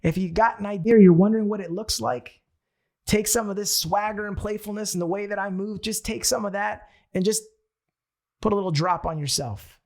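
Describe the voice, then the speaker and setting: A young man leads a motivational sales training, speaking a little higher than most men. His voice has a gravelly fry, and he tells his stories in a lively way, acting out his own thoughts as he goes. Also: a little fast. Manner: animated storyteller who acts out his own thoughts. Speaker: network marketing trainer.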